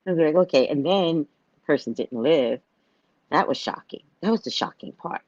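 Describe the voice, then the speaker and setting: Low-voiced animated older woman. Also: moderate pace, no echo, dull audio. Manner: animated storytelling, acting out quoted voices. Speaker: psychic reader and live show host. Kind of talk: casual live talk to viewers.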